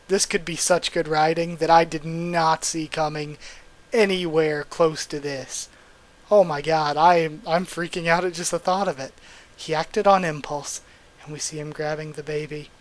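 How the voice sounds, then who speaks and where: A man reading a manga aloud and reacting as he goes, excitable and swearing, with bursts of astonishment. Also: fairly high pitch, moderate pace, rough recording. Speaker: manga readthrough host.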